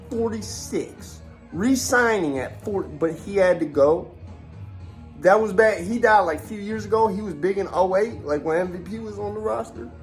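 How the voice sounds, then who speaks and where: A man in his forties rants in a casual podcast style, swearing freely and circling back on himself. His voice sits high for a man. Faint music plays underneath. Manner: animated, profane, rambling with many fillers. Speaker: former wrestler.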